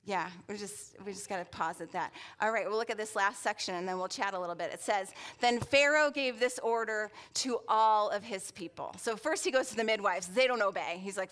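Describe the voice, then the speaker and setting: A woman's voice: mid-range voice, a little fast, hardly any pauses, a bit bright. A woman preaching as a guest speaker in a church, playful and chatty, often asking the room questions. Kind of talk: sermon with audience interaction. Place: church sanctuary.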